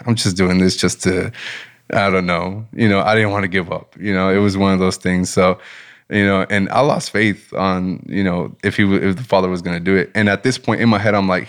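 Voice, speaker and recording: A man guest telling a personal story in a casual interview, animated and enthusiastic, with a relaxed manner. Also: low voice, brisk. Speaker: business owner and guest.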